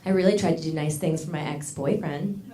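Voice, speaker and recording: A woman's voice: sits low, brisk, warm tone. A young woman doing a stand-up comedy set on a club stage, candid and self-mocking, laughing through her punchlines. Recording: roomy club sound with audience.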